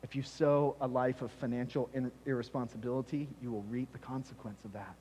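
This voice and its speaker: A man's voice: medium pitch, steady tone, fairly quick, dark tone, slightly rough. A man preaching a sermon as pastor, emphatic and repeating key phrases for stress. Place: church sanctuary. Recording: long reverb of a church hall.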